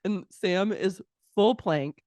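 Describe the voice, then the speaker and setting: A woman's voice: medium pitch, slow, no echo. A woman co-hosting a podcast, recapping a reality show in casual chat and acting out the cast's quotes. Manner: animated storytelling, acting out quotes. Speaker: podcast co-host.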